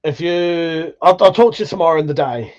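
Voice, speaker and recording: A man's voice: a little high, brisk, a little mellow, highs cut off. A man hosting a casual livestream chat, rambling, swearing freely and laughing often. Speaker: livestream host.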